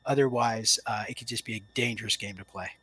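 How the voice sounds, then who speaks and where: A man's voice: lowish voice, quick pace, pushed and bright, slightly rough. A man in his thirties, a Marine veteran guest, telling his story in a casual interview, earnest and reflective, turning to address listeners directly. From Washington state, US.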